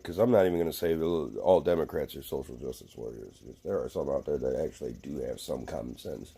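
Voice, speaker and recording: Low-voiced man ranting, rambling and profane. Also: warm tone, slightly rough. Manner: rambling, profane, lots of fillers and restarts. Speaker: vlogger. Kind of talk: casual rant to camera.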